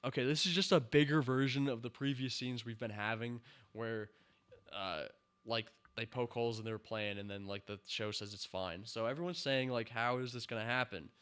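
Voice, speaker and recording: A man's voice: medium pitch, normal speed, fairly bright tone, smooth. A man reviewing a TV show in a ranting commentary, exasperated, sighing and laughing in disbelief.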